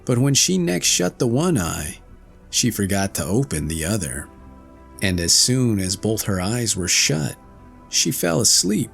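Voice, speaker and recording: A male storyteller reads classic fairy tales aloud at an unhurried pace, his voice rough and gravelly. His delivery is lively, rising and falling to paint each scene, with soft music faintly underneath. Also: lowish voice. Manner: slow, expressive fairy-tale reading. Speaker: audiobook narrator. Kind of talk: storybook narration.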